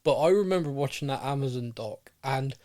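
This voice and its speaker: A man's voice: mid-range voice, expressive, a little fast, mellow. A man with a West Country English accent co-hosting a casual football podcast, self-mocking and telling stories with acted-out quotes. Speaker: podcast co-host.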